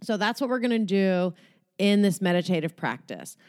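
A woman's voice: mid-range voice, expressive, normal speed, a little mellow, no room sound. A woman guiding a meditation in a loose, joking way, swearing freely as she talks. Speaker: meditation guide. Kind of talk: guided meditation talk.

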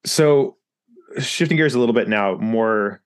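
A man's voice: fairly low pitch, expressive, a little slow, smooth. A man hosting a podcast, asking questions casually and often chiming in with short agreements. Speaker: podcast host. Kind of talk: podcast interview.

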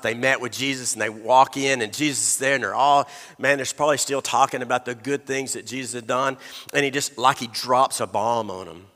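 A man delivering a sermon as a relaxed story, speaking in a bright, forceful tone. His voice carries through a large, echoing hall. He acts out the voices of the people in his story and often restarts his words. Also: medium pitch. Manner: conversational storytelling, acts out quotes, repeats words. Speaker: pastor.

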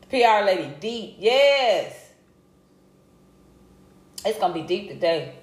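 A middle-aged woman hosting a livestream, chatting casually and greeting viewers by name with a lively, laughing manner. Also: mid-range voice, slow pace. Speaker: livestream host. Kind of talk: casual live chat reading comments. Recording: roomy echo.

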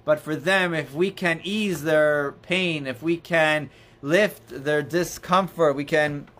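A man's voice: on the high side, takes it slowly, a bit bright. A man teaching an informal Torah lesson, conversational and storytelling, with frequent restarts. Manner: conversational, many restarts and "you know"s, storytelling. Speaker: rabbi teaching a class. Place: indoors near books.

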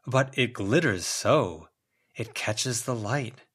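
A man's voice: mid-range voice, expressive, a bit bright, slightly rough, full character voice. A man voicing a whimsical, romantic young man in an audiobook reading, drawing out his words dramatically. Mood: wistful slow. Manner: slow, lingering, dramatic delivery.

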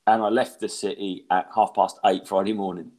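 A man's voice: sits low, level tone, a little fast, a little mellow. A man in his thirties, a comedian hosting a podcast, telling swear-laden, self-mocking anecdotes in casual chat. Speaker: stand-up comedian and podcast host.

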